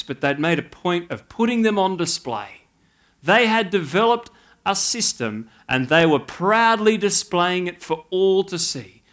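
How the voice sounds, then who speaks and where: A man, a pastor preaching a sermon and telling stories in a voice that swings from loud to hushed. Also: on the high side.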